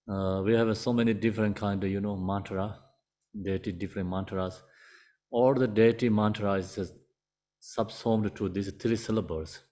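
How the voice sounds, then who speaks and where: A man giving a dharma teaching as a meditation teacher, speaking in halting, simple phrases with pauses and gently asking the audience questions. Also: on the low side.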